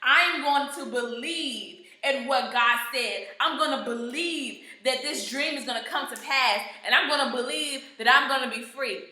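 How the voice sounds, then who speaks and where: A woman's voice: high-pitched, moderate pace, few pauses, sharp tone, heavy reverb. A woman playing a faithful young male prisoner who makes determined, repeated declarations.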